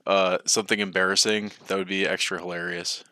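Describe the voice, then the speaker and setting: A man riffs and chuckles through a comedy podcast chat. His voice is low yet bright and pointed, recorded dry and close. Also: little pitch movement, a little fast, no echo. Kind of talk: casual chat.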